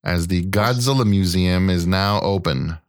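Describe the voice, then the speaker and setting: A man's voice: sits low, unhurried, dry recording, studio quality. An American man in his thirties, co-hosting a podcast in casual chat, joking, swearing often and acting out quotes. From United States. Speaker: podcast co-host.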